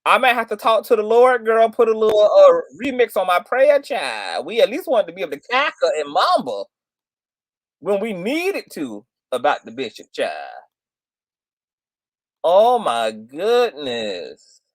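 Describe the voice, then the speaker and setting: A man's voice: high voice, very animated, normal speed, no echo. A man hosting livestream commentary in a sassy, theatrical way, peppered with "girl" and "child". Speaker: commentary channel host.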